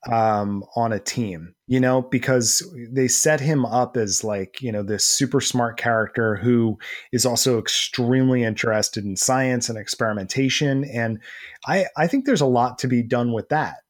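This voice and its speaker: A man's voice: medium pitch, normal speed. Rambling man co-hosting a podcast. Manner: rambling, many fillers and restarts. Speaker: podcast co-host. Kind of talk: casual chat.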